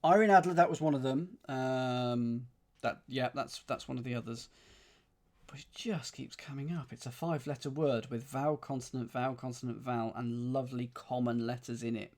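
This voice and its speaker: A man's voice: medium pitch, fairly even intonation, normal speed, a little mellow. Man muttering through crossword clues. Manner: muttering, repeats clues to himself, counts letters aloud. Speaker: puzzle streamer. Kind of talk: thinking aloud while solving live.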